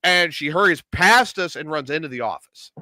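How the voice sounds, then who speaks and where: A middle-aged man spins a long tale in casual talk, jumping into character for each quote. His voice sits high and swings widely, with a bright, forward edge. The sound is dry and close. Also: moderate pace, no room sound. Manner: animated storyteller acting out quotes. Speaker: podcast host telling a story. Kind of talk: casual storytelling chat.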